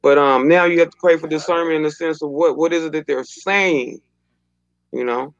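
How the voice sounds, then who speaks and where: A woman's voice: sits low, normal speed, no room sound, lo-fi sound. A woman talking in casual panel chat, who acts out the lines she quotes.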